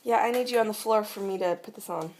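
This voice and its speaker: A woman's voice: medium pitch, fast talker, a little mellow, a little hiss or hum. A woman vlogging in a casual, chatty way, laughing often as she talks. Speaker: beauty vlogger. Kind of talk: casual vlog chat.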